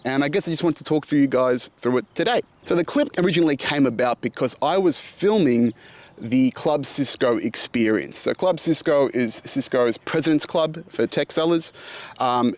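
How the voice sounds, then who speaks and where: A man in his thirties casually telling a personal story, swearing now and then and acting out dialogue. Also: mid-range voice. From Australia.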